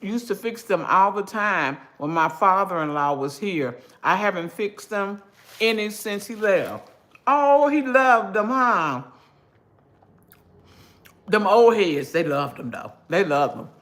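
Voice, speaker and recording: An older woman chats her way through a cooking livestream, homey and talkative. She takes her time, and her pitch rises and falls a lot as she goes. She talks straight to her viewers through a phone. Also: expressive, slow pace, fairly bright tone. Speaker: cooking channel host. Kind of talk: casual cooking livestream chat.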